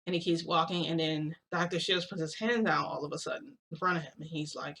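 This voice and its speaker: A woman's voice: deep voice, fairly even intonation, quick pace, few pauses, fairly bright tone, slightly rough. Rambling woman telling a story. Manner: rambling, filler-heavy. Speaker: vlogger. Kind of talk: casual storytelling.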